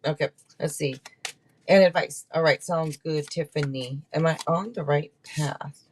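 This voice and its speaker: A woman's voice: deep voice, unhurried, a little mellow, a little hiss or hum. Chatty woman reading tarot live. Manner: chatty and rambling, with many restarts. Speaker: tarot reader hosting a live stream.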